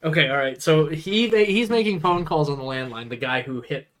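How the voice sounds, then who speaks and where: A man's voice: fairly high pitch, brisk, fairly bright tone. Chatty man filling in movie details. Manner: chatty, fills in scene details with loose asides. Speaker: podcast co-host. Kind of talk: casual movie recap chat.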